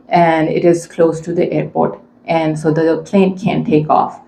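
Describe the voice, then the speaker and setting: Addressing a community event, this mother recounts a personal story in an earnest, conversational way full of fillers. Her lowish voice is warm with vocal fry, and the recording in an echoey room has a little hiss or hum.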